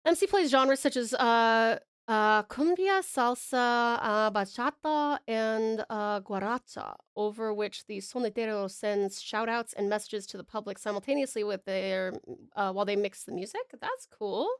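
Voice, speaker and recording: A woman's voice: fairly high pitch, unhurried, clear, resonant tone, no room sound, clean studio sound. A young Australian woman streaming while she draws, reading chat aloud and chatting in a bubbly, giggly way. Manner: bubbly, giggly, greets viewers with pet names.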